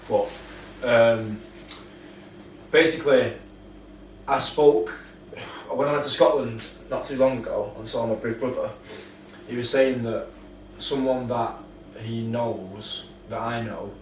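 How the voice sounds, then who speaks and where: A man, co-hosting a podcast, telling a story carefully with many fillers. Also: medium pitch. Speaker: podcast co-host. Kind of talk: casual chat. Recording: roomy, distant mic with faint noise.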